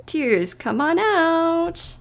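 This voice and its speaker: A woman streamer narrating a game playthrough aloud in an expressive way, shifting between hushed and loud. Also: very high voice, very slow, slight background noise.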